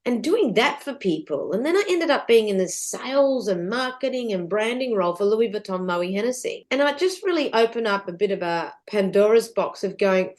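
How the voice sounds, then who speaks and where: A middle-aged woman telling her life story as a podcast guest, animated and rambling, with restarts and the odd swear word. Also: medium pitch, moderate pace, hardly any pauses. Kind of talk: candid storytelling interview.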